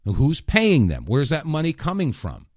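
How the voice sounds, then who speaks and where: A middle-aged man hosting a political talk radio show, delivering a rambling, impassioned monologue with sudden loud outbursts. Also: a little high, huge pitch swings, unhurried, no room sound, studio quality.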